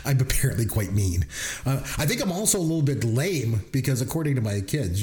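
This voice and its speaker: A man hosting a casual podcast, telling stories with lots of animation. His pitch swings widely from phrase to phrase. He talks like he's catching up with a friend. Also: brisk. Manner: animated storyteller, puts on voices when retelling. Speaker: podcast co-host.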